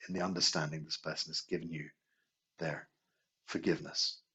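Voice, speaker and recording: A man with a very low, husky voice leads a healing class in a relaxed, storytelling way. He asks his listeners rhetorical questions as he talks. The recording is dull and muffled, like low-quality video sound. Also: brisk. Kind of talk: conversational teaching talk.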